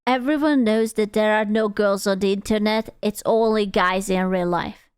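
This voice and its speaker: A woman's voice: mid-range voice, normal speed, darkish tone, clean tone, no room sound, clean studio sound, soft background music. A young woman streamer reacting to a video in casual, crude, jokey commentary, often stumbling and restarting her sentences.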